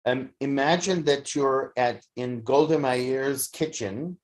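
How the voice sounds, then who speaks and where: A teacher giving a thoughtful lecture to a study group, pausing often with fillers and restarts. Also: mid-range voice. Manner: halting, many fillers and restarts. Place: study session streamed on video call.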